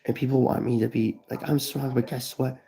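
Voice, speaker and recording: A man's voice: medium pitch, fairly even intonation, a little fast, gravelly, dark tone, low-quality recording. A man in his thirties talking to viewers on a live stream, grieving, rambling and swearing as he repeats himself. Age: 30s. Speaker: vlogger. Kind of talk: emotional live stream talk.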